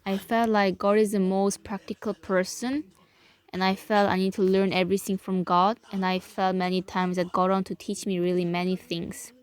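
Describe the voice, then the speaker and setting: Flat-voiced woman reflecting aloud. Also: medium pitch, smooth. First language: Korean. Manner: halting, thinking aloud, with many fillers. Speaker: host. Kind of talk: reflective commentary.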